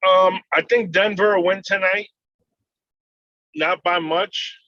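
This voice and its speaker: A man telling casual, animated stories about serving papers, laughing and swearing as he goes, over a video call. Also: high voice, takes it slowly, no echo. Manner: animated, laughing, swearing, acts out voices in anecdotes. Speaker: process server. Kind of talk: casual storytelling chat. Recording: dull, dry video call audio.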